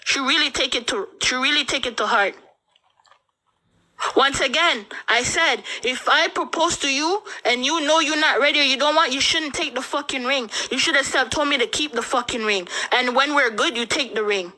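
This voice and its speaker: A woman's voice: high voice, moderate pace, sharp tone, poor audio. A woman telling an angry personal story, swearing and exasperated.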